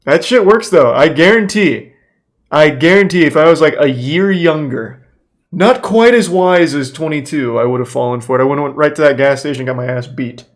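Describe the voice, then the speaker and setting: A man with a slightly high voice reacts to a video on stream. He talks in casual commentary, with deadpan, profane asides. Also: normal speed.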